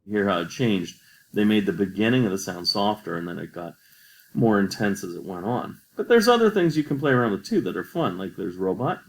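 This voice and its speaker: A man's voice: on the low side, big pitch swings, fairly quick, low-quality recording. A man teaching a coding tutorial over a screen recording, patient and explaining each step.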